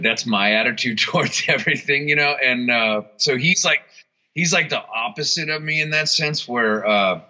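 A man's voice: medium pitch, normal speed, bright, forceful tone. Laid-back swearing man on a muffled call. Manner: rambling, swears often, many restarts and fillers. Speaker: guitarist and songwriter, interview guest. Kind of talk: casual interview chat. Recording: dull lo-fi sound.

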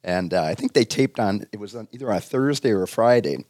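Brief: middle-aged man, low voice, easygoing rambling storyteller, dry mic. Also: animated, fairly quick, a little mellow, no room sound. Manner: rambling, many fillers. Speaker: guest, former sports community relations director. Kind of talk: casual anecdote.

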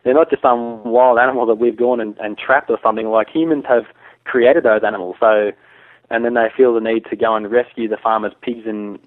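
A man's voice: medium pitch, fairly even intonation, fairly quick, no echo. A man, a hunter guest talking casually and opinionatedly, with many restarts. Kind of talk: casual conversation. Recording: tinny phone line.

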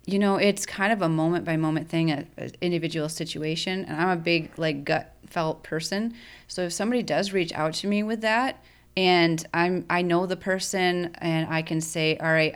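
A woman with a slightly low voice talks through her thoughts in a casual chat. She is earnest and reflective, and she pauses as she searches for words. She trains horses. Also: clear, resonant tone. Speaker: podcast guest. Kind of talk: casual conversation.

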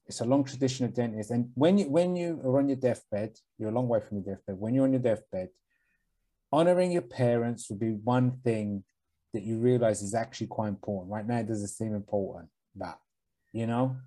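A man with a mellow, warm tone co-hosting a casual podcast. He shifts between dry joking and sincere, thoughtful advice. His talk is relaxed and unscripted. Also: medium pitch, normal speed, low-quality recording. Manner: joking, then earnest advice-giving. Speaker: podcast co-host.

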